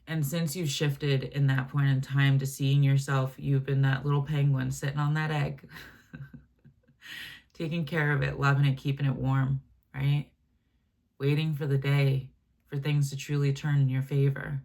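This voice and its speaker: A woman giving a channeled spiritual reading, speaking gently and affectionately in a meandering way with many fillers and restarts. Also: very deep voice, little pitch movement, unhurried, vocal fry. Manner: gentle, affectionate, addresses listener as my love and baby; meandering, filler-heavy, self-correcting. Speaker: channeled message reader.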